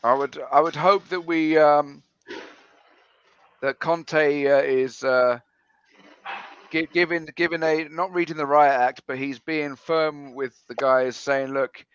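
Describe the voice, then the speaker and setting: Halting man hosting a fan chat. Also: on the high side, fairly even intonation, fairly bright tone, highs cut off, a little hiss or hum. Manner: halting, many fillers and restarts. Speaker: podcast host. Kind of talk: casual football fan chat, reading match stats.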